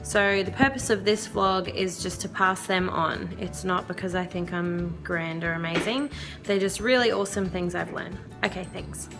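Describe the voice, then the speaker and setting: A woman's voice: fairly low pitch, fairly even intonation, moderate pace, music in the background. A young woman, chatting earnestly and casually as a mother giving parenting advice, laughing often. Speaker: vlogger and mother.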